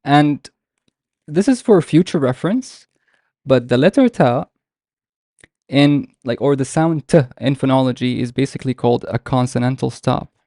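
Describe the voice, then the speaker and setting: A man with a gravelly, mellow voice teaches a live online class. He explains patiently and step by step, pausing often. The sound is dry and close. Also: medium pitch, lively intonation, dry recording. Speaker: Arabic teacher.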